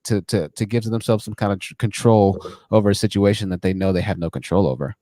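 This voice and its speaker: Male call-in show host, low and warm, chatty and animated, dry close sound. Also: fast, no room sound. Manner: animated, chatty, laughs at his own stories. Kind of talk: livestream commentary and storytelling.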